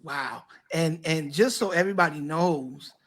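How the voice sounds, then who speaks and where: Bright, high-voiced pastor hosting a chat. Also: male voice, a little slow. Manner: hype, enthusiastic introductions with slang. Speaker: pastor and show host. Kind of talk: casual online interview.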